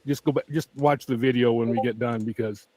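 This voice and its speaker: A man's voice: medium pitch, steady tone, a little fast, darkish tone, no echo, poor audio. A man hosting a true-crime channel, chatting in a casual, rambling way at home with his pets, laughing often, speaking very close to the mic, and with a weak voice that tires easily. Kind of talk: casual rambling livestream chat. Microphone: very close to the microphone.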